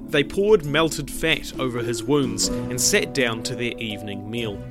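A man narrating a dramatic legend in a measured, deliberate way, his voice sitting in a middle pitch. Faint music plays underneath the storytelling.

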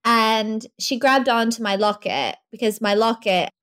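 A young woman, a podcast guest, telling her birth story in an animated way, laughing often. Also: on the high side, a little slow, clean tone.

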